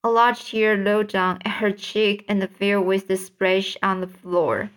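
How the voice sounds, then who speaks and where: A woman reading a children's book aloud in an unhurried, deliberate way, now and then stumbling and correcting herself. Her voice sits at a middling pitch and moves slowly. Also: steady tone. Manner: slow, unhurried, occasional stumbles and self-corrections. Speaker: storyteller.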